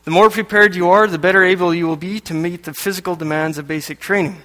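A man from Canada delivers a sermon with a fairly high voice, reading passages aloud and dropping dry jokes in between. His voice rings out with a long reverb through a church hall. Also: steady tone, fast, bright, forceful tone. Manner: joking asides between read passages. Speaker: lay preacher.

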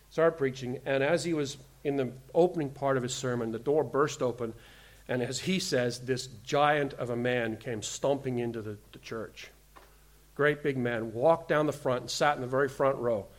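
A pastor preaching a sermon, telling a story and earnestly pleading with the listeners, building up to forceful emphasis. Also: male voice, medium pitch. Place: church.

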